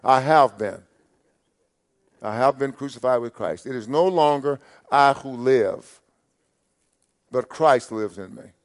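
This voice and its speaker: Male preacher, sermon delivery, mid-pitched voice, emphatic and repetitive, swings between loud declaration and quiet asides. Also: a little slow. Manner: emphatic, repeats phrases, rises loud on scripture; drops soft and low at phrase ends.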